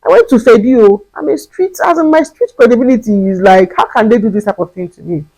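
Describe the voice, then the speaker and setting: Animated Nigerian woman telling a story. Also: a little high, brisk, poor audio. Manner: animated storyteller, emphatic repetition, breaks into pidgin. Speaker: vlogger. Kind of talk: storytime vlog.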